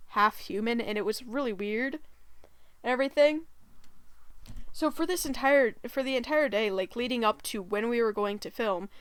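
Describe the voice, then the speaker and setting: A woman with a fairly high, smooth voice tells a story for her gaming channel. She rambles along with plenty of "like" and "um" and keeps breaking into giggles. The sound is dry and close. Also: a bit bright, no room sound. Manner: giggly, rambling, many fillers. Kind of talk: casual storytime vlog.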